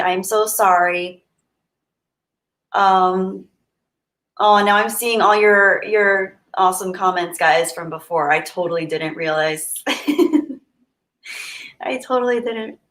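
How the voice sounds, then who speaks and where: A woman's voice: mid-range voice, a bit bright. Chatty woman streamer in a roomy space. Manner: chatty, answers viewer comments aloud. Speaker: livestream host. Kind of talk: casual livestream chat. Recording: roomy echo.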